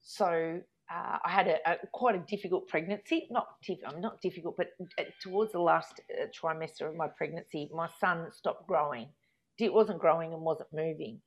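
A woman, chatting casually as she tells a long personal story, rambling and growing animated when she recounts arguments. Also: low-pitched, moderate pace. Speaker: guest telling a life story. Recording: dull lo-fi recording.

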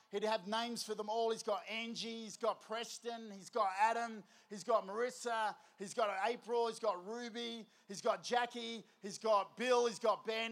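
A man preaching an energetic sermon, telling lively stories and prompting the crowd. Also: sits high. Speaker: youth preacher.

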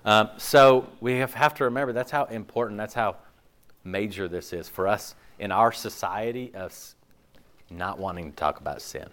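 A man's voice: on the low side, normal speed. A man preaching a sermon as pastor, talking in a loose, conversational way with many "okay?" asides and acting out listeners' reactions. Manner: conversational, animated, acts out imagined listeners' reactions; frequent "okay?" and "like" fillers.

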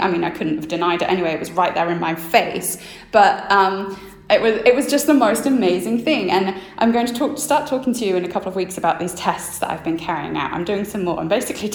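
A woman hosting a solo mindset podcast, acting out her inner thoughts with lively shifts of voice. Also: mid-range voice. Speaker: podcast host. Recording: roomy echo.

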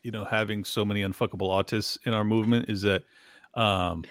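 A man hosting a casual podcast, talking in a slow, drawling, mocking way. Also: fairly low pitch, steady tone, fairly bright tone, no echo. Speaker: podcast host.

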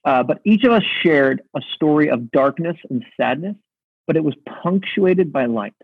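Male pastor, sermon, husky tone, dry close sound. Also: a little high, lively intonation, dry recording. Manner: earnest, reflective, slows for emphasis. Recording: dry, phone-like narrow sound.

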